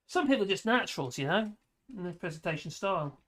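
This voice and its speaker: A livestream host chats casually and reads out viewer comments, rambling with many restarts and fillers and laughing often between remarks. The voice is medium in pitch, expressive, fast, and fairly bright.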